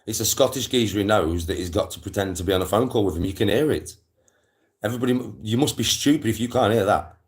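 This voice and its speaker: Low-voiced man. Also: fast talker. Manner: swears freely, rambling storytelling with slang. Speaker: streamer. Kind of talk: casual live-stream chat.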